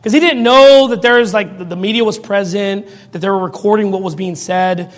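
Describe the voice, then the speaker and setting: A man preaching in a mocking, sarcastic rant, now and then bursting into shouts. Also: high-pitched, fairly quick. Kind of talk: ranting commentary. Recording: long reverb.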